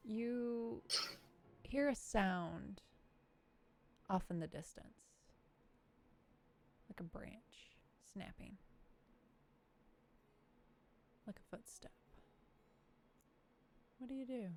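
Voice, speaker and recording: A woman narrating a tabletop role-play game as game master, in a slow, measured way with hushed drops. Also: on the high side, lively intonation, a little hiss or hum.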